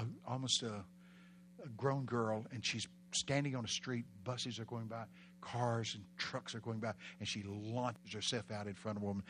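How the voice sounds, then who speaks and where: A man with a Texan accent, preaching a sermon in a folksy storytelling way, with bursts of loud emphasis. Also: mid-range voice, a little hiss or hum. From Texas.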